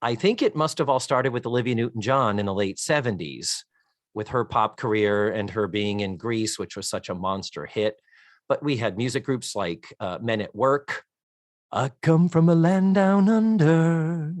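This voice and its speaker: A man's voice: lowish voice, normal speed, no echo. A middle-aged man hosting a podcast, chatty and wry, swearing offhandedly while he reads out a synopsis. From United States. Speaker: podcast host. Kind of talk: casual chat and reading a synopsis.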